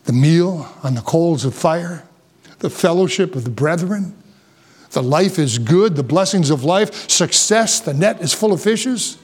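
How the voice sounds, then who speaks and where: A man preaching an impassioned sermon, rising to emphatic peaks. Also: fairly high pitch. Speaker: pastor.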